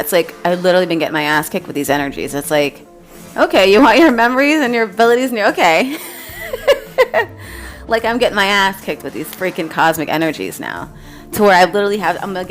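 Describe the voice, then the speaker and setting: A woman telling a spiritual story to her viewers in a rambling, casual way, with many fillers and laughs. She says she is exhausted. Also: fairly low pitch. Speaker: spiritual vlogger.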